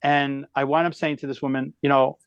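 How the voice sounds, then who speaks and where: A comedian in his fifties telling a story in a lively, exaggerated way as a podcast guest. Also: medium pitch, a little fast, clear, resonant tone, dry recording, muffled recording. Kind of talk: animated storytelling.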